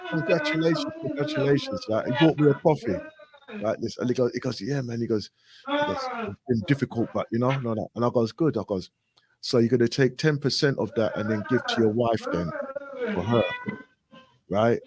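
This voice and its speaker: A man's voice: medium pitch, expressive, fairly quick, a crowd in the background. A man casually telling a story, acting out both sides of a talk and often asking "right?". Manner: repetitive, frequent "right?" and "I goes". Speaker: radio show guest.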